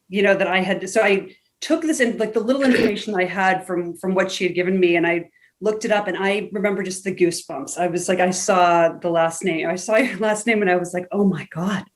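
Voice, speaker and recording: A woman actor telling a long story on a video call, chatty and animated, acting out what people said. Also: fairly low pitch. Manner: animated, chatty storyteller who acts out quotes.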